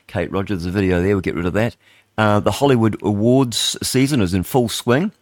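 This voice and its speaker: A man's voice: on the low side, fairly quick, dry recording, clean studio sound. Rambling New radio host, older man. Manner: rambling, chatty, thinks aloud. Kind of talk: casual radio chat, reading headlines aloud. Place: radio studio.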